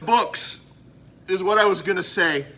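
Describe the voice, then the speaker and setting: A man's voice: high-pitched, unhurried, bright, forceful tone, a little hiss or hum. A man from Canada hosting a casual show-and-tell vlog about his collectibles, rambling and interrupting himself as he goes. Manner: rambling, self-interrupting, chatty. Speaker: host.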